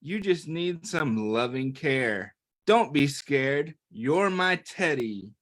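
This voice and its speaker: A man voicing a great big, gentle bear in a children's picture book read-aloud, kind and comforting. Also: on the high side, expressive, slow pace. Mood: soothing.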